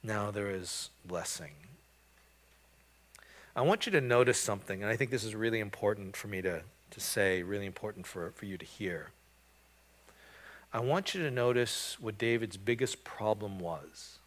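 A man preaching a sermon, earnest and emphatic, often restarting phrases and building to loud, rising stretches. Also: fairly low pitch, moderate pace. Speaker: pastor.

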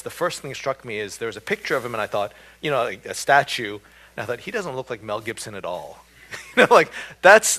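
A man's voice: mid-range voice, bright, forceful tone. Conversational man preaching a sermon. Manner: conversational, self-deprecating, with frequent fillers. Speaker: pastor.

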